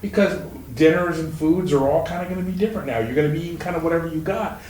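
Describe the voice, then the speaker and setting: A man's voice: on the high side, fast, a little mellow. A man hosting a loose podcast conversation, rambling from one thought to the next with plenty of swearing. He sounds a bit off-mic in a room with noticeable echo, and a faint hiss sits underneath. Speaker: podcast host. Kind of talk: casual podcast chat. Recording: roomy echo, mic at a distance, faint noise.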